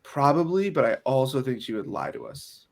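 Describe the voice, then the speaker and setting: A man's voice: medium pitch, huge pitch swings, normal speed, gravelly. A man playing in a tabletop game, chatting and laughing with enthusiasm. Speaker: player. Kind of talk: casual chat at a game table.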